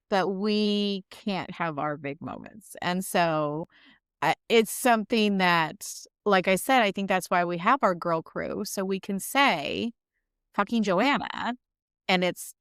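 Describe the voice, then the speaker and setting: A woman co-hosting a podcast, venting in frank, sweary casual chat. Her voice is smooth and clear at a middle pitch. The sound is close and dry. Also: fairly bright tone, dry recording. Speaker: podcast co-host.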